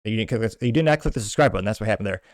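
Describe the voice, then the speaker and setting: A man's voice: on the low side, animated, rapid-fire, no echo. A man hosting a show, casually reading out social media posts with frequent stumbles and self-mocking asides. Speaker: show host.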